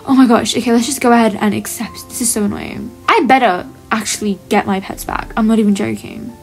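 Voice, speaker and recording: A young woman with a high voice talks her viewers through a game, chatty and quick to sound fed up. She calls out to her audience as she plays. Faint music sits under her voice. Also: steady tone, vocal fry. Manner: exasperated, chatty, addresses viewers as guys. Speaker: gaming video creator.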